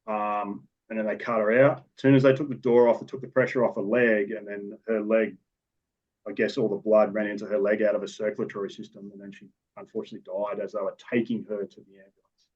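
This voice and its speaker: Low-voiced Australian man, dull recording. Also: a little mellow. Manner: matter-of-fact, rambling with restarts. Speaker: police officer guest. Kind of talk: storytelling in a podcast interview.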